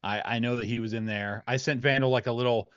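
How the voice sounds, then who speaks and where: A man's voice: mid-range voice, fairly even intonation, quick pace, fairly bright tone, smooth, no echo. A man co-hosting a podcast in casual, easygoing chat with chuckling asides. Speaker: podcast co-host. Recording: dull lo-fi stream audio, dry.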